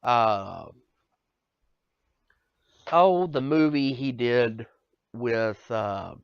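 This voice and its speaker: A man's voice: medium pitch, drawn-out words, vocal fry, clear, resonant tone, no room sound. A man co-hosting a podcast in casual banter, ranting with profanity and stammering repeats. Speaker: podcast co-host. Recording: dull lo-fi sound, dry.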